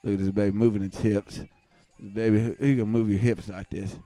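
A man doing a satirical webcast rant, bombastic and erratic, swinging from muttering to shouting. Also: medium pitch, brisk, no room sound, soft background music. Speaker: mock livestream ranter.

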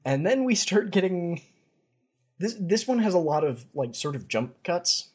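A man's voice: sits high, big pitch swings, measured pace, husky. A man hosting a podcast, casually retelling fantasy stories in a chatty way and reading passages aloud. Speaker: podcast host. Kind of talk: casual story recap.

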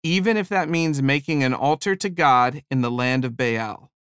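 A man's voice: mid-range voice, normal speed, fairly bright tone, clear, resonant tone, no echo, clean studio sound. A man preaching a sermon, emphatic, building his points to rising peaks.

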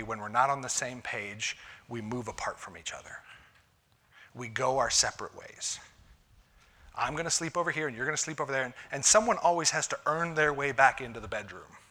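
Male pastor, conversational sermon delivery, bright forceful tone, drops to hushed asides. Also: medium pitch, fairly quick. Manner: conversational, shifting between punchy lines and hushed asides. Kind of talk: sermon on marriage.

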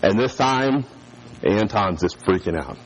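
Lively male preacher telling a story. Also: on the low side, measured pace, noisy background. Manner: animated storyteller who acts out voices. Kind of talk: sermon with a childhood story.

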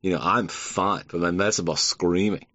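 A man's voice: low-pitched, fairly even intonation, moderate pace, fairly bright tone, no room sound, voice pushed down. A man doing an impression of a tireless, boastful bodybuilder who humble-brags and repeats himself. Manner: repetitive, boastful, humble-bragging. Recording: dull lo-fi.

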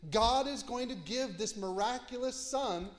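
A man preaching an expository sermon, telling the story with lively asides and dropping low and quiet for emphasis. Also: measured pace, big-room sound. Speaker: pastor.

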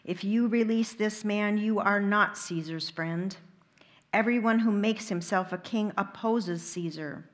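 Woman reader voicing an angry crowd of men, insistent and loud, liturgical reading, slow. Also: lowish voice.

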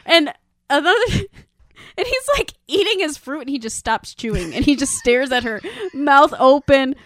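A woman's voice: sits high, a little slow, dry recording, studio quality. A woman co-hosting a casual chat, laughing and swearing as she recaps a TV episode. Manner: laughing, animated, swears freely. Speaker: podcast co-host.

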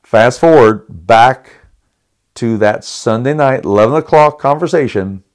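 A middle-aged man retells a personal story on his podcast. His delivery is animated and dramatic, full of restarts and chuckles, and his pitch sits in a middle range. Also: unhurried. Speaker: podcast host.

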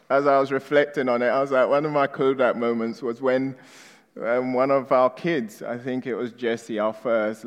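A male preacher delivering a sermon, quizzing the congregation with emphatic questions and dropping to a hushed tone for appeals. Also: mid-range voice, clean tone, lo-fi sound. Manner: drops to a hushed, reflective tone for appeals. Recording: long reverb of a large hall.

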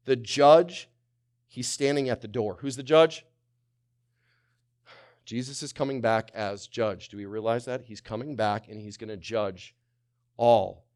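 A male pastor preaching a sermon, swinging from loud to hushed, firing rhetorical questions and calling on the congregation to answer. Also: mid-range voice, steady tone, a little slow, pauses often. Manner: asks many rhetorical questions.

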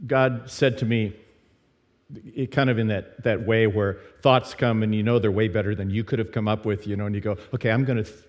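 A man's voice: fairly low pitch, steady tone, moderate pace. A middle-aged man from Nashville telling a story in a casual, self-deprecating sermon at a church service, with lots of fillers and asides. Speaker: speaker teaching at a church service. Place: church sanctuary. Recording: long hall reverb from a church.

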